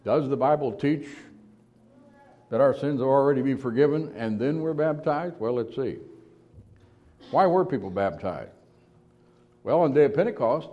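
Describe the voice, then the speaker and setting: During a sermon, a man asks rhetorical questions, draws out important words for emphasis, and alternates forceful declarations with softer asides. His voice sits on the high side.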